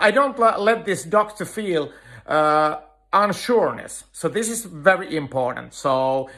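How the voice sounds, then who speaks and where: Bright, halting dog-training lecturer, a man. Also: a little high. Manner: halting, frequent "uh" fillers, earnest. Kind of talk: instructional lecture.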